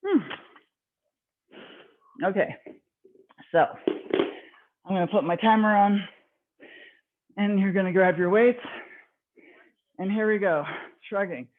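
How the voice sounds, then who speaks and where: A woman's voice: mid-range voice, slow pace, pauses often. A woman fitness instructor leading a live online workout class, slightly out of breath, encouraging and counting reps. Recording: tinny phone-like online call audio.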